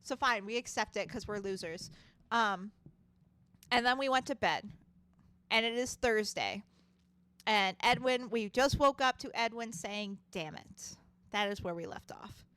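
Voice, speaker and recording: A woman's voice: on the high side, a little slow, a bit bright, clean tone, dry recording. A woman streaming a game, chatting casually, swearing freely and laughing often. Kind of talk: casual gaming commentary.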